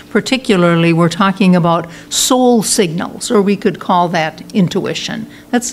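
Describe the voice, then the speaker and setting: A woman's voice: mid-range voice, slight background noise. A woman minister giving a conversational Sunday talk in a church, telling a story with fillers and restarts. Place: church sanctuary.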